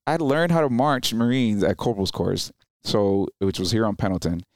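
This Marine veteran, a man in his thirties, is a guest on a podcast, recounting stories in a relaxed interview. His voice sits on the low side at a normal speed, captured in clean studio sound without echo. Animated throughout, he performs the people he quotes by raising his voice.

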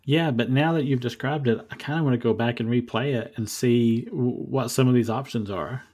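A man's voice: mid-range voice, brisk, a little mellow, breathy edge. A man co-hosting a casual chat about a video game, speaking in an easygoing, thoughtful way.

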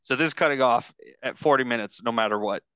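Podcast host guy on a video call, smooth clear voice, loose rambly chat full of ums. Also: mid-range voice, bright, forceful tone, dry recording, muffled recording. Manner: rambling, halting with many fillers. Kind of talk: casual chat.

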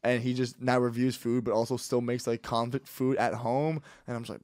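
A man's voice: medium pitch, flat delivery, a little mellow, no echo. Podcast guy rambling on with um and like, dry close mic. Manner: quick, rambling, full of fillers. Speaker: podcast host. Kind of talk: casual chat.

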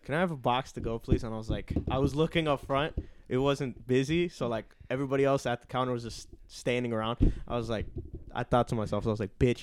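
A man's voice: mid-range voice, no room sound. A young man co-hosting a podcast, telling work stories in casual chat, laughing often and swearing. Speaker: podcast co-host.

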